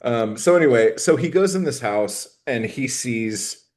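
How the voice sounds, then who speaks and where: Co-hosting a podcast, a man recaps a film at a measured pace in a mid-range, slightly mellow voice with lively intonation. The chat is casual, and his storytelling is rambling, crude and full of jokes, with quotes acted out.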